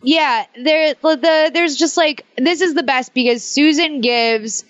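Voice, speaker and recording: A woman with a slightly high voice talks in a wry, rambling way, full of fillers. The sound is dull and lo-fi, and very dry. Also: slow pace, no echo. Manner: wry, chatty, many fillers like "like" and "um". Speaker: podcast co-host. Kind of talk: casual chat.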